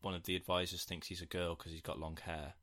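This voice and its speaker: A man chats casually as a podcast co-host and retells scenes as he goes. His voice sits fairly low and sounds bright and forceful. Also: little pitch movement, fast. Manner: rambling, retells scenes with quoted bits. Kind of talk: casual chat recapping a film.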